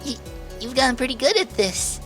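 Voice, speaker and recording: A man's voice: extremely high pitch, expressive, brisk, a bit bright, faint music behind, pitched above the performer's own voice. A man putting on a raised, girlish voice for a giggly, bold young woman athlete in a game. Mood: playful.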